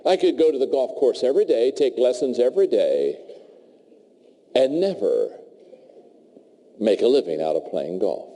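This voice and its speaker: A man giving a humorous talk to a live audience, telling stories in an animated way with playful asides. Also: mid-range voice, moderate pace, pauses often, poor audio. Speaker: motivational speaker.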